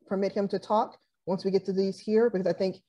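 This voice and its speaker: A woman moderating a panel over a video call, speaking briskly and directly. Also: mid-range voice, level tone, warm tone.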